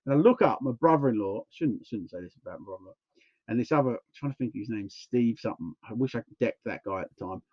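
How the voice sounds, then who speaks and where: A man's voice: medium pitch, fast talker, no room sound, muffled recording. A man telling a long, rambling anecdote on a casual podcast, acting out what people said. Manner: rambling, animated anecdote with acted-out quotes. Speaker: podcast co-host. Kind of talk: casual storytelling chat.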